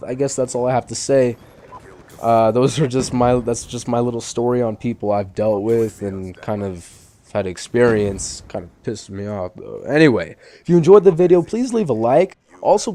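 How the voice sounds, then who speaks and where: A man's voice: mid-range voice, mellow. A teenage boy giving casual gameplay commentary, rambling through fillers and restarts with an irritated edge. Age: teens. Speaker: channel host.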